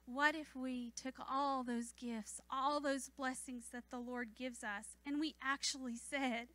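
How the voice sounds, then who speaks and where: A woman preaching a sermon in church, fervent and building to emphatic declarations, then softening into gentle storytelling. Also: sits high, fairly even intonation, unhurried, dry recording. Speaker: church speaker.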